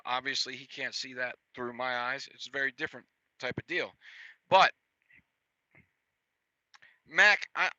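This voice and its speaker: A man's voice: mid-range voice, sharp tone, no echo, lo-fi sound. A man in his thirties, a truck driver from the United States, telling a story in a blunt, profane, repetitive rambling way. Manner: blunt, profane, repeats himself. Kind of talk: casual storytelling rant.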